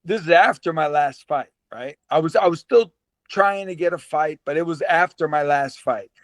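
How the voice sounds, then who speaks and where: A man in his fifties with a fairly high, bright-edged voice, recorded close and dry with no room sound. He tells stories in an animated way, laughing often and repeating words as he goes. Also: normal speed, dry recording. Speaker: guest, former pro boxer. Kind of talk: casual storytelling interview.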